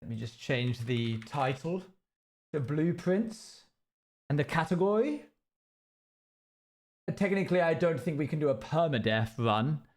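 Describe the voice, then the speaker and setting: A man's voice: fairly high pitch, expressive, unhurried, long pauses, a little mellow. A British man chatting loosely to his live-stream audience while gaming, rambling and self-mocking.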